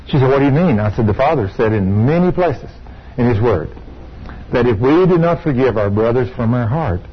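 Older preacher, husky, storytelling sermon with excited praise, dull recording. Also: male voice, medium pitch. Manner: storytelling, rising to excited exclamations. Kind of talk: sermon with testimony. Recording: dull lo-fi sound.

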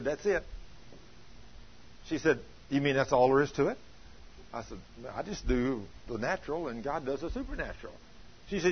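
Man preaching in a husky voice. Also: on the high side, dull audio. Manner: earnest storytelling, quoting scripture. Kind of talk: sermon.

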